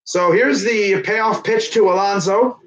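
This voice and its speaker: A young man calls a baseball video game in a loose, chatty way, laughing easily between pitches. His voice sits a little higher than most men's. He breaks off now and then to talk to someone off-mic. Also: unhurried, a bit bright, rough recording. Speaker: fan commentator. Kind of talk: casual play-by-play of a video game.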